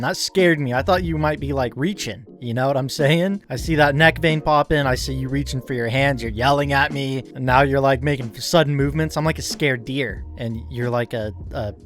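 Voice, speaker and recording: Sarcastic man on a home mic. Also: mid-range voice. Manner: mocking, drawling, laid-back. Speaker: commentator reacting to clips. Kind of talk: sarcastic reaction commentary. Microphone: computer microphone.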